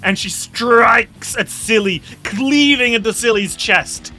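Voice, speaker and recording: A woman narrating as game master in a casual, animated, swearing way, wearing a headset. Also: a little high, slow pace. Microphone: headphones.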